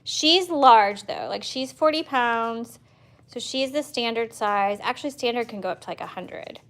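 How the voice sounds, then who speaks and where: A woman's voice: on the high side, moderate pace, fairly bright tone. A woman dog breeder hosting a casual livestream from her home, chatting in a rambling way with fillers and restarts, and now and then cooing baby talk at her dogs. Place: at home with a litter of puppies.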